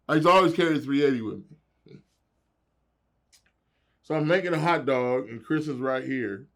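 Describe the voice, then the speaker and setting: A man's voice: mid-range voice, normal speed, long pauses, fairly bright tone. A middle-aged man telling wild stories as a guest in a casual interview, laughing and acting out the voices of people he quotes.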